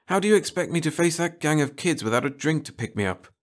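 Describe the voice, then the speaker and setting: A man's voice: fairly high pitch, lively intonation, fast, voice pushed up, close to an everyday voice. A man voicing a hungover, self-pitying male actor who pleads and whines, in a read-aloud story. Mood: whiny, pleading. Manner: pleading, whining.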